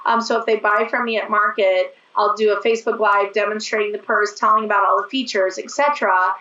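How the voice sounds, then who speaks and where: Brief: hoarse, raspy woman guest in her 40s, bright voice, chatty and quick, distant dull mic in a roomy space. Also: mid-range voice, steady tone. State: hoarse from overuse. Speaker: guest, business owner. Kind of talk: casual interview chat. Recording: echoey, distant, dull sound.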